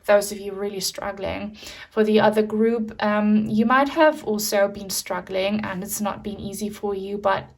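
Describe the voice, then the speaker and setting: Gentle-spoken woman giving a tarot reading. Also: mid-range voice, fairly even intonation, normal speed. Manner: soft, gentle and reassuring, with fillers. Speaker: tarot reader. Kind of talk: pick-a-card tarot reading.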